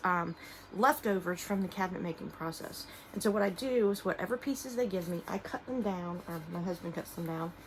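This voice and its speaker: A middle-aged woman talks casually to the camera about her handmade products, often pausing and trailing off with fillers. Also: on the low side, creaky, slight background noise, poor audio. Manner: halting, many fillers and trailing restarts; soft-spoken and emotional at times. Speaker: small business owner and artist. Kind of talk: casual vlog talking to camera while showing products.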